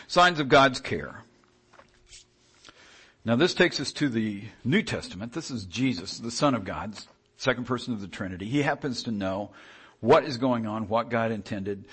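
Man, preacher, husky voice, conversational sermon, animated delivery. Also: mid-range voice. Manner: conversational, animated, with repeated restarts.

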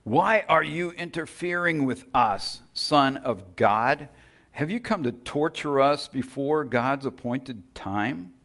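A man's voice: medium pitch, very animated, normal speed, hardly any pauses, natural voice. Guy putting on frantic demons, shrieky and begging. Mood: frantic pleading. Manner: frantic, pleading. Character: screaming demons possessing two men.

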